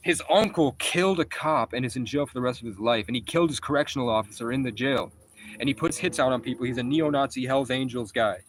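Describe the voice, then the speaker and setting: A man's voice: medium pitch, quick pace, slight background noise, low-quality recording. A man on a live stream telling a personal story in a rambling, intense and profane way.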